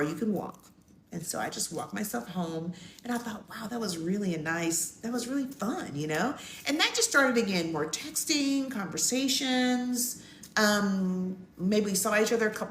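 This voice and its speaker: A middle-aged woman telling a personal story to her listeners in a loose, chatty way. Her pitch swings widely, and she jumps up high when she acts out what people said. She is recorded in an echoey room with a faint hum of ambience behind her. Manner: animated, acts out quotes in a high voice. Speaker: podcast co-host. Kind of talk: casual storytelling.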